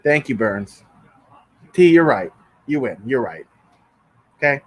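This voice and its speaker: A man livestreaming in his bedroom reads through chat and bickers with viewers, swearing often. His medium-pitched voice is slow and breathy, with big swings in pitch.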